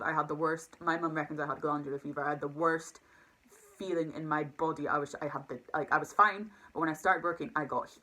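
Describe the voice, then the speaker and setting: Young woman vlogger, low bright voice, rushed confessional rambling. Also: rough recording. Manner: rambling, emotional, full of fillers and restarts. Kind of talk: casual confessional talk to camera.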